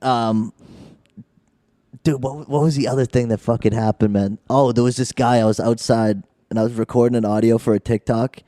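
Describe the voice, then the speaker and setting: Comedian dude on a podcast, warm low-key voice, dry sound, keeps saying dude. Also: male voice, moderate pace, no room sound. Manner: animated storyteller, says "dude" a lot, laughs often. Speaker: comedian guest. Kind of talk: casual storytelling chat.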